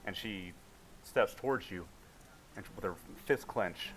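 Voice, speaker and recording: Low-voiced male game master. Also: unhurried, pauses often, fairly bright tone, slight background noise, low-quality recording. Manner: vivid, casual narration. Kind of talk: narrating a tabletop game.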